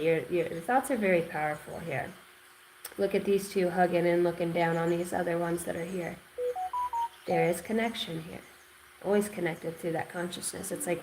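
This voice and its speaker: A woman giving an intuitive tarot reading, rambling and excitable, repeating words and swearing now and then. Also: on the low side, slight background noise, poor audio. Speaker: tarot reader.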